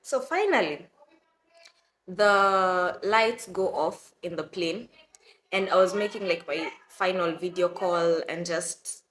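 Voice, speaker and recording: Young kenyan woman vlogging, animated storytelling, keeps saying guys, kinda echoey room. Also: on the low side, slow pace, slight background noise. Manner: animated, addresses viewers as "guys", acts out quotes. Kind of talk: casual storytelling to camera.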